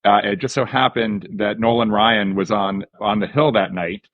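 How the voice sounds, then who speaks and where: A man co-hosts a podcast, telling an anecdote in a relaxed, conversational way and leaning on filler words. His voice is on the low side, and the dry recording sounds slightly dull and muffled. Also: moderate pace, no room sound. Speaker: podcast co-host. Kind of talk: casual podcast chat.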